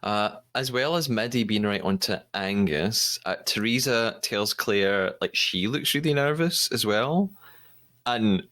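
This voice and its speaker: A podcast host recaps a TV episode in a chatty, hesitant manner, restarting himself often. His voice is lowish, a bit bright and animated, and he speaks slightly slowly.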